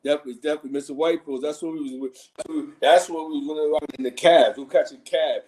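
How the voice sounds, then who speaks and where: A man's voice: a little high, fast, rough recording. A man from Harlem, hosting a livestream and telling street stories in slangy talk with frequent laughter. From Harlem, New York. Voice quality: slangy, laughs often, animated. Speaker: livestream host. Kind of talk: casual street storytelling.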